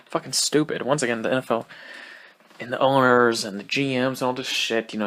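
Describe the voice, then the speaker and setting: A young man hosting a casual solo podcast, rambling and swearing, laughing often and talking fast. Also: mid-range voice, fairly even intonation, fairly bright tone. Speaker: podcast host.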